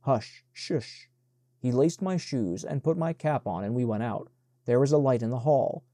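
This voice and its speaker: A man narrating an audiobook in an even, measured reading. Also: medium pitch, dry recording.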